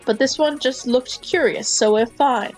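A woman voicing a calm, fatherly adult male park ranger in a fan comic read-aloud, speaking steadily and reassuringly. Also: sits high, measured pace, soft background music, poor audio. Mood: explaining. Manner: steady, reassuring, mildly scolding.

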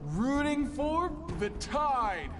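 A man's voice: extremely high pitch, sing-song, extremely slow, heavily acted. An actor voicing a swaggering, pirate-like male video game hero. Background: game music.

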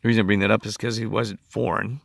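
A man with a hoarse voice, rambling in a casual monologue and acting out the conversations he reports. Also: on the low side, level tone, quick pace, dry recording, clean studio sound. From United States. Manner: rambling, acts out quoted conversations. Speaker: vlogger.

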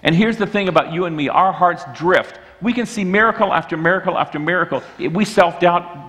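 A man's voice: fairly high pitch, brisk, a bit bright. A man preaching a sermon as the pastor, earnest and often restarting his sentences. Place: church sanctuary. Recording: church hall reverb.

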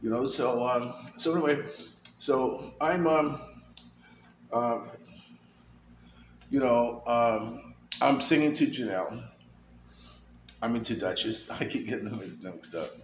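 A man's voice: medium pitch, slow, pauses often. A middle-aged man vlogging casually, rambling with many fillers and repeated words. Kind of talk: casual personal vlog. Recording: echoey room with faint noise.

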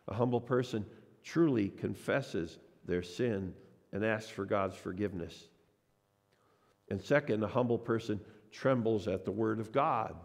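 A man preaching a sermon as a pastor, telling a personal story and acting out the voices of the people in it. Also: on the low side. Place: church sanctuary. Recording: long church reverb.

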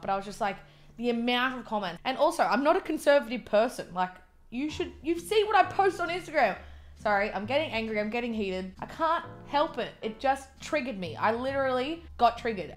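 A young woman with an Australian accent talks through a meal in loose, chatty vlog style, dropping "like" into nearly every sentence. She sits at a middling pitch and moves between easy chatter and a worked-up rant. Faint music plays low behind her. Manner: chatty, peppered with "like", gets heated and ranty. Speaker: mukbang vlogger. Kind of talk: casual chat while eating.

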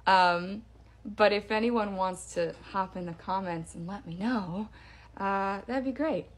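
A woman casually telling a spooky story in a clip, with hushed delivery and drawn-out pauses for suspense. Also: medium pitch. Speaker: storyteller in a social video clip.

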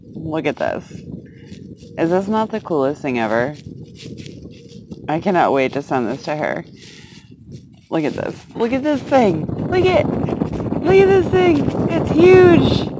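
A woman's voice: low-pitched, background noise. A woman vlogging outdoors at night on her phone, gushing and giggling as she coaxes a grasshopper onto her hand. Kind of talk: excited casual vlog. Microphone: handheld phone camera.

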